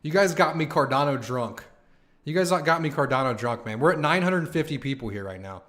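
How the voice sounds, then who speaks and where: A young man hosting a live stream, chatting casually with his viewers, excited and slangy, swearing and saying "man" and "dude" a lot. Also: on the high side, fairly quick. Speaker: livestream host.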